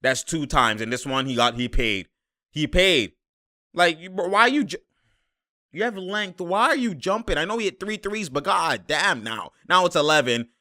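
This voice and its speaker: A young man reacting live to a basketball game, exasperated and slangy, laughing and shouting at the plays. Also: on the high side, lively intonation, moderate pace. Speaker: sports commentator reacting to a game.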